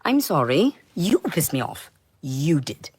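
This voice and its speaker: A woman streaming a rambling monologue, intense and profane, swinging between shouting and muttering. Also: sits low, very animated, slow pace, slightly rough. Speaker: livestreamer.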